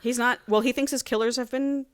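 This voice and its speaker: A woman's voice: a little high, no room sound. Woman cohost gushing thru a book recap, acts out all the lines, dry mic. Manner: animated retelling, quick voiced quotes of characters. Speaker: podcast co-host. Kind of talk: casual book recap chat.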